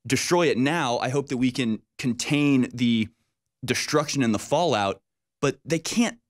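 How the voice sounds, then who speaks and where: A man's voice: mid-range voice, a little slow. A man hosting a casual political conversation, speaking emphatically and often repeating his words.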